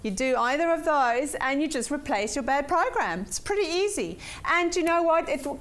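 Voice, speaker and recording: A woman's voice: high voice, animated, moderate pace, fairly bright tone. A woman teaching a weekly personal development workshop, upbeat and repeating points for emphasis while checking in with her class.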